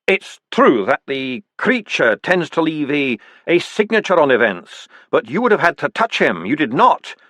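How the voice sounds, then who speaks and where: A man voices an earnest, urgent dwarf priest, pressing his point fast and persuasively in a lively, rising voice. The voice is a little high, pushed up and exaggerated, and the delivery is dry and close with no echo.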